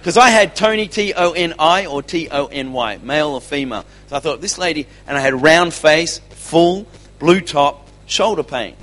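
A man at a church conference sharing a testimony, telling his story with lively, acted-out dialogue. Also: on the high side, normal speed, few pauses. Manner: animated storytelling, acting out dialogue.

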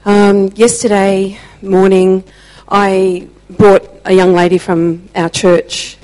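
A woman sharing a church testimony, telling her story slowly and deliberately with emphatic pauses. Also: medium pitch, a little mellow, no echo, rough recording.

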